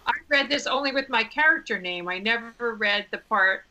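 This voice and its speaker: A woman's voice: a little high, expressive, moderate pace, noisy background. A woman guesting on a podcast, telling a self-mocking anecdote in casual chat.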